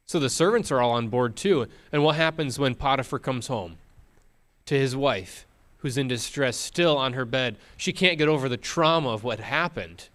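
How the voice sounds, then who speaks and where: A man preaching a sermon, retelling a story with dramatic pauses and questions to the congregation. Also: mid-range voice, expressive, a bit bright.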